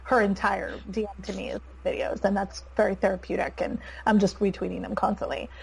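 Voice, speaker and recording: A woman with a Canadian accent chats as a podcast guest, animated and quick to laugh. She leans on "like" as she talks. Her voice sits in a middle pitch. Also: gravelly, a little hiss or hum, low-quality recording. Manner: animated, laughs often, says "like" a lot. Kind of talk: casual chat.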